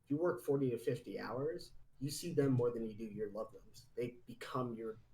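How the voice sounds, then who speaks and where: A man of average pitch chats casually on a live gaming podcast. He rambles through his stories with restarts and fillers, teasing his co-host and breaking into laughter. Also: normal speed, mellow, poor audio. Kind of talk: casual chat. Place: studio or home room, live podcast.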